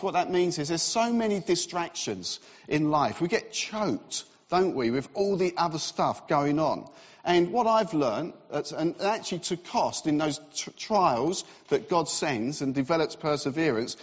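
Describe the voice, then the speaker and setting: A man's voice: on the high side, lively intonation, normal speed. A man preaching a sermon in a conversational, self-deprecating way. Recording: reverberant, slightly dull hall recording.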